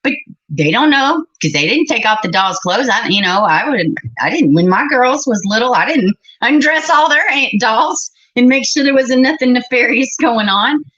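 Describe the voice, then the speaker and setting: A woman's voice: fairly high pitch, lively intonation, normal speed, fairly bright tone. A middle-aged woman, hosting a livestream and chatting bluntly and with exasperation with her live chat. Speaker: livestream host. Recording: slightly muffled recording.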